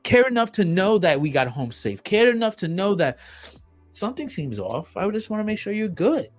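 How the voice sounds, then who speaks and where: Solo podcast host, male, blunt and emphatic, cursing freely, slightly raised pitch. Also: sing-song, normal speed, soft background music. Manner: blunt and emphatic, swears often, repeats phrases.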